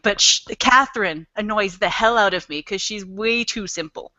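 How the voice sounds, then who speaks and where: A woman's voice: mid-range voice, normal speed, sharp tone, no room sound, lo-fi sound. A woman in a book club chatting eagerly about a novel, laughing often and acting out lines as she retells them. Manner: enthusiastic, giggly, acts out voices when retelling. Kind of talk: casual chat.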